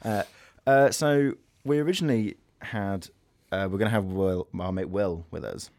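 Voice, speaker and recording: A man's voice: fairly low pitch, normal speed, a little mellow, dry recording. A man co-hosting a podcast in a casual, chatty way, with lots of fillers. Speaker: podcast co-host. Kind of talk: casual chat.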